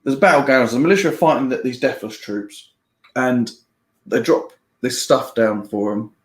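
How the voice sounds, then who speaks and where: Man, casual book review, rambling and chatty, mid pitch, echoey room. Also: moderate pace. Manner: rambling, chatty, laughs often, frequent restarts. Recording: roomy echo.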